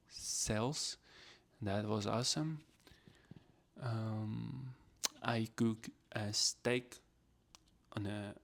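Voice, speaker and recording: A man's voice: on the low side, gravelly, fairly bright tone. A man hosting a casual solo podcast, rambling in non-native English phrasing. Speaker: podcast host.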